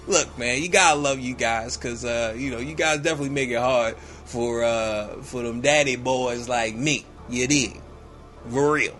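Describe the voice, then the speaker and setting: Bright-voiced man riffing slangily. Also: medium pitch. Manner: loose, slangy, riffing storytelling. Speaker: podcast host. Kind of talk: comedic movie recap.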